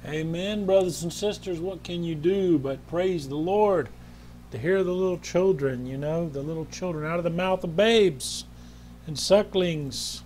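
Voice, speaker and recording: Fervent high-voiced male preacher. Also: unhurried, background noise. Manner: fervent, interjects hallelujahs. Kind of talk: sermon. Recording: roomy, music in background.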